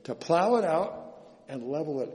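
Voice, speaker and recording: A man's voice: fairly high pitch, very animated, a little slow, a little mellow, long reverb tail. A man preaching a sermon as a chaplain, conversational and full of rhetorical questions to the congregation.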